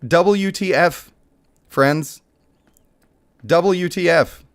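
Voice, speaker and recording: A young man with a high voice talks very slowly while casually chatting with viewers on his game stream. He jokes and laughs at himself, and his voice sounds a bit worn, cutting out at times.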